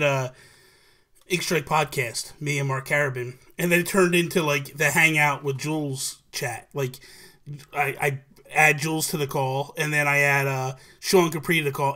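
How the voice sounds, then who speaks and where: A man hosting a live video chat, talking casually and energetically, rambling with restarts and greeting viewers by name. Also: fairly high pitch. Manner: animated, rambling with many restarts, greets chatters. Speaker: livestream host.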